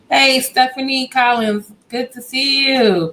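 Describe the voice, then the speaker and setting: A woman hosting a casual livestream from home, talking at an unhurried pace. She chats warmly with her viewers and greets each one by name as they come in. Her voice sits a little high, and she speaks through a computer mic. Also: rough recording. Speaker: livestream host.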